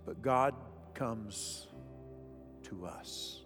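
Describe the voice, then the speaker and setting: A man preaching a sermon as pastor, swinging from loud emphasis down to a hush. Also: mid-range voice, drawn-out words. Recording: echoey hall with faint music.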